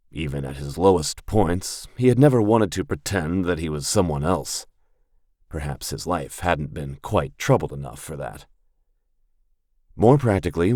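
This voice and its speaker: Low-voiced male narrator, steady and even, dry studio read for an audiobook. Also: dry recording.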